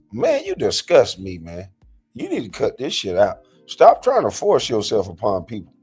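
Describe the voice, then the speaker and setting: A man hosting a profane reaction rant, mocking his target and swinging between loud and mumbled talk. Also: mid-range voice, wildly swooping pitch, normal speed, breathy edge, soft background music. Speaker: host.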